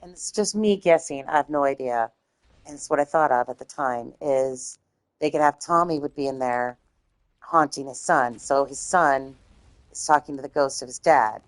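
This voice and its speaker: A woman streamer chatting casually and rambling, swearing freely, her voice slightly hoarse. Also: rumbling low, moderate pace, dry recording. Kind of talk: casual chat.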